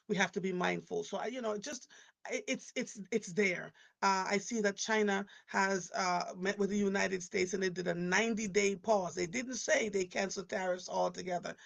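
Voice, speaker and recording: A woman in her fifties hosting a live show chats casually with her stream audience in a mid-range voice that is rough, gravelly, and heavy with vocal fry. She rambles from one story to the next, doubling back and restarting her sentences as she goes.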